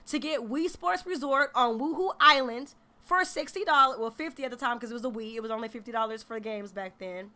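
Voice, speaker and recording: A woman in her thirties streaming about games in a casual, animated, profane way. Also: high-pitched, brisk. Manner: animated, profane, emphatic, slangy. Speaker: gaming streamer. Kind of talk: casual livestream reaction.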